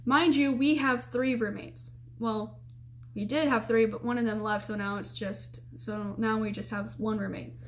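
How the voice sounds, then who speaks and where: A young woman casually telling a story in a vlog, chatty and animated, with lots of fillers and restarts. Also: on the high side, normal speed, slight background noise.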